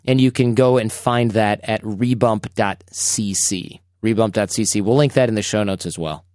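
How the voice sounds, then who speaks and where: A man hosting a podcast chats casually and tells stories with animation. His voice is on the low side with a darkish tone at a moderate pace. The recording is dry, with clean studio sound.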